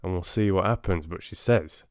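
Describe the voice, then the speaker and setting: A man's voice: sits low, moderate pace, a little mellow, dry recording, clean studio sound, close to an everyday voice. A man voicing a brash, cheeky Yorkshire storyteller in a put-on broad Yorkshire accent, rowdy and full of slang. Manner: rowdy, slangy, keeps asking "right?".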